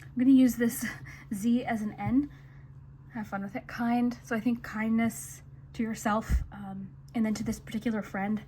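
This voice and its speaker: A woman doing a relaxed tarot reading straight to camera, her voice sitting a little high. She talks in a chatty, reassuring flow full of little fillers. A faint hiss runs under the recording. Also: moderate pace. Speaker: tarot reader. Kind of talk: casual intuitive reading to camera.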